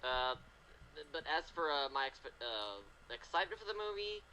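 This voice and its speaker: Guest reviewer, male, quick jokey delivery, animated pitch swings. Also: a little hiss or hum, poor audio. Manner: quick, joking and swearing. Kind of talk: casual chat.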